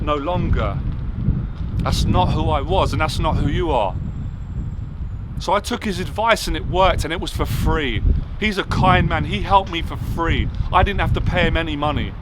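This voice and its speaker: A man giving an impassioned motivational monologue outdoors on a city rooftop, hammering home short repeated declarations. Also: a little high. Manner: emphatic, repetitive declarations. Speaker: motivational speaker. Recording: outdoor traffic noise behind.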